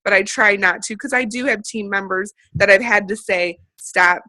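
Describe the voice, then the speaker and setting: A woman's voice: mid-range voice, steady tone, normal speed, pushed and bright, dry recording, low-quality recording. A woman from central Illinois, a guest speaker on a video call for a sales team, chatting and acting out the conversations she has had. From central Illinois, USA. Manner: chatty, acts out quoted conversations.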